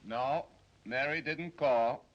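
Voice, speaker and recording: An actor playing an excitable, fretful man who is into astrology, in comically gloomy 1930s film comedy style. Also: mid-range voice, takes it slowly, lightly acted. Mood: deadpan. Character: jittery excitable man, cab driver's roommate and astrology buff. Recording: muffled hissy 1930s film soundtrack.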